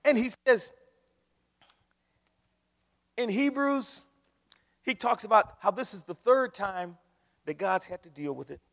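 High-voiced preacher in an echoing hall. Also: male voice, very animated, moderate pace, gravelly. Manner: dynamic preaching that swings from shouting to hushed whispers. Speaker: pastor. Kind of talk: sermon. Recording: long hall reverb.

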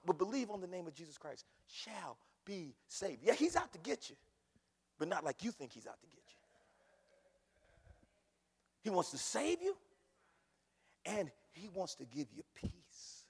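Man, preacher, sermon, husky, wildly swooping pitch, long hall reverb. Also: very animated, measured pace, long pauses. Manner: impassioned, swings from hushed to shouting.

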